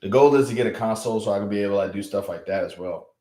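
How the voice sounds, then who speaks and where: A man with a Southern US accent hosting a casual livestream, animated and slangy, often repeating his phrases and talking straight to his viewers. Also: fairly low pitch, racing, reverberant. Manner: animated, repeats himself, talks to chat with slangy asides. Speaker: livestream host. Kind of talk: casual live-stream chat.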